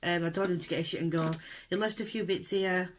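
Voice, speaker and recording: A woman's voice: fairly low pitch, fairly even intonation, quick pace, slight background noise. A woman vlogging at home while doing her makeup, telling an upsetting story candidly and indignantly with lots of fillers. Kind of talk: unedited get-ready-with-me rant.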